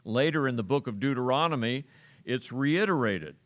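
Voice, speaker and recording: A man preaching a sermon to his congregation, earnest and steady, with frequent pauses and fillers as he explains scripture. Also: mid-range voice. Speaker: pastor.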